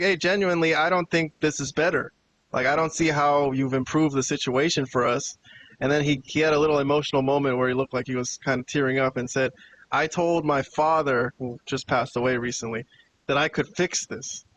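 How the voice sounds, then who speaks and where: A man's voice: medium pitch, slight background noise, low-quality recording. A man hosting a podcast, casually recapping a wrestling show and acting out the quoted lines as he tells it. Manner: animated retelling with quoted dialogue. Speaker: podcast host.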